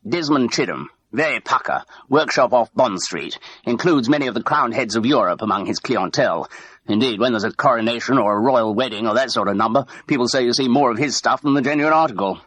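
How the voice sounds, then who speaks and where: A man's voice: mid-range voice, brisk, fairly bright tone, slightly rough, no room sound, voice pushed up. A man voicing a bluff middle-aged ex-crook posing as a major, chatty and hesitant, full of ums and uhs. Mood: confiding.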